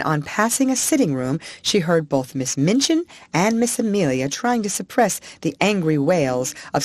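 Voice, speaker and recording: A woman narrating a classic children's storybook in an expressive, animated reading. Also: lowish voice, no echo. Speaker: audiobook narrator.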